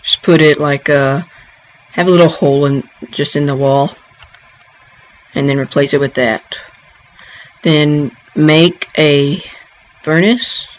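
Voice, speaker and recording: A man giving a casual gameplay tutorial, rambling and halting, with frequent ums and restarts. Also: fairly high pitch, fairly even intonation. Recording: dull lo-fi home recording.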